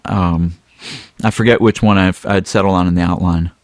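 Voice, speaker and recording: A man hosting a casual podcast, reading a listener's email aloud in a relaxed, rambling way. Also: low voice, moderate pace, dry recording, studio quality. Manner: relaxed, rambling, with some filler words. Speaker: podcast host.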